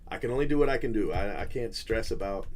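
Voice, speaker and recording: A man's voice: lowish voice, expressive, quick pace, a little hiss or hum. A man hosting a card-break livestream, chatting casually in a teasing, rambling way.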